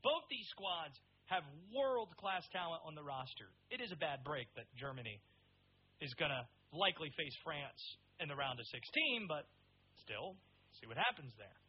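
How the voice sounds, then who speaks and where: A man hosting a sports show, giving quick, opinionated commentary on players and teams. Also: on the high side, sing-song, breathy edge, muffled recording. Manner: quick, opinionated, conversational delivery.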